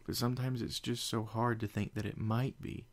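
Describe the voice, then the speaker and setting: A man's voice: medium pitch, level tone, normal speed, voice pushed up, close to an everyday voice. A man voicing an anxious, tearful young female pony in a fan fiction reading, speaking in a shaky, stammering, sniffly way.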